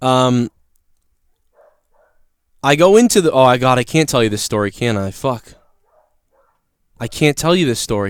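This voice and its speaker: A man hosting a casual livestream, telling stories in a profane, animated way. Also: mid-range voice, normal speed, pauses often, clean tone, no room sound. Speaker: livestream show host. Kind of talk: casual ranting livestream chat.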